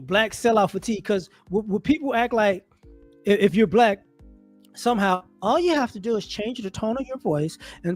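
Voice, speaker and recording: Speaking in a high voice with no room sound, a male online commentator rambles through a casual monologue, full of rhetorical flourishes and lively energy, and he frequently starts his sentences over.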